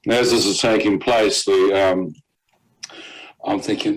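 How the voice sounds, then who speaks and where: A man with a fairly low voice recounts his own dramatic testimony as a guest. He tells it vividly, using fillers like "um" and breaking into short laughs now and then. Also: steady tone, measured pace, poor audio. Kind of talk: personal testimony storytelling.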